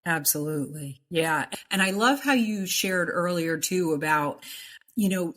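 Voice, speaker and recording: A woman's voice: sits low, fairly bright tone. A middle-aged woman sharing her personal faith testimony in an interview, earnest and emphatic, repeating words for stress. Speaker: interview guest.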